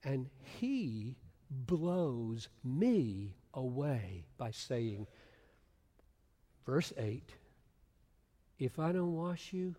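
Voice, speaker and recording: A man preaching an expository sermon, swinging from hushed whispers to loud emphatic bursts. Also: medium pitch, very animated, drawn-out words, long pauses. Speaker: pastor. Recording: long hall reverb.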